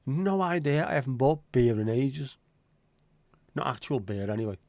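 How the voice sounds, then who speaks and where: A man's voice: medium pitch, lively intonation, normal speed, darkish tone, dry recording. A man hosting a casual livestream, chatty and joking as he answers viewer comments. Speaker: livestream host.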